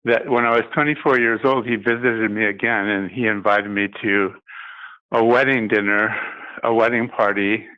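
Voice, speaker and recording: An older man giving a personal testimony as an interview guest, speaking haltingly with many pauses and restarts. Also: fairly low pitch, steady tone, highs cut off.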